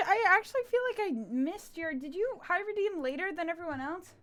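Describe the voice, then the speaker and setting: A woman's voice: extremely high pitch, expressive, brisk, a bit bright, dry recording, clean studio sound. A giggly, bubbly young woman from Canada, chatting casually with her viewers on a livestream.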